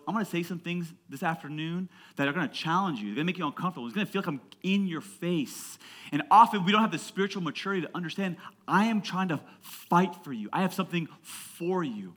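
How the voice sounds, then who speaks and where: A pastor in his thirties delivers a sermon to his congregation, pausing to have them repeat words back. His voice sits high and sounds bright and forceful. He builds from plain talk into loud, passionate peaks. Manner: call-and-response with the congregation. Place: church before a congregation.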